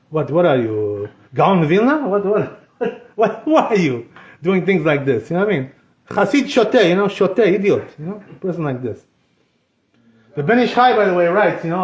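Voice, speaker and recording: A man teaching an informal Torah class as a rabbi, chatty, peppering every sentence with "you know" and dropping in Hebrew terms. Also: high-pitched. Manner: conversational, constantly says "you know", mixes in Hebrew terms. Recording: echoey room.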